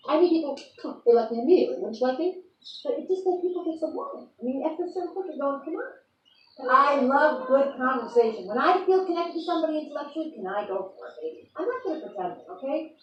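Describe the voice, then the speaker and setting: A high, lively woman talks fast and playfully, rambling through an improvised star-sign persona. She sounds amused by herself. The recording is dull and lo-fi, caught from a distance in an echoey room. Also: slight background noise.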